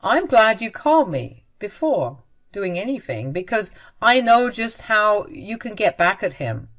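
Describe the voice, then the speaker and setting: A woman voicing an older father-in-law in a story, reassuring and steady in how he speaks. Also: mid-range voice, unhurried. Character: kindly older father-in-law, protective and firm.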